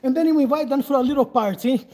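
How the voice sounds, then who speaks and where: A Brazilian-accented man in his forties explains self-defense moves in a loose, chatty way, breaking into laughs. His voice sits high for a man. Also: fast talker, a little mellow, low-quality recording. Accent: Brazilian Portuguese. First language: Portuguese. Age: 40s. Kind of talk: casual live Q&A and instruction.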